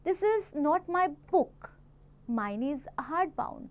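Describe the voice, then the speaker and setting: A woman with an Indian accent teaching a grammar lesson to children, reading examples slowly and rattling off quick asides between English and Hindi. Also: high voice, lively intonation. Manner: reads examples slowly and clearly.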